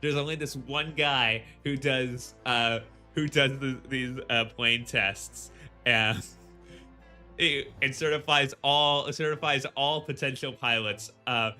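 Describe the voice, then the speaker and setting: A man's voice: medium pitch, fairly even intonation, slow, sharp tone, faint music behind. A man streaming a game, chatting casually and rambling with lots of restarts and laughs. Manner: rambling, full of fillers and restarts, laughing often.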